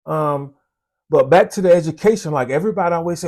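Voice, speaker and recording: A man's voice: a little high, fast talker, a little mellow. A man with a Southern US accent, a police officer hosting his own channel, talking casually and folksy to the camera. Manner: folksy, conversational, repeats points.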